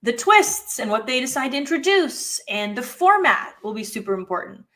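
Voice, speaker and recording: A woman talking as an interview guest in casual chat, animated and playful, filling her talk with "like". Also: fairly high pitch, moderate pace. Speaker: guest, former reality competition player.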